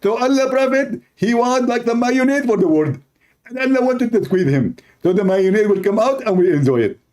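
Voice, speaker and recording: A man's voice: very high-pitched, expressive, moderate pace, a little mellow, voice pushed up. A man putting on a smug, self-assured male debater who keeps repeating the same stock opening. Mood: lecturing.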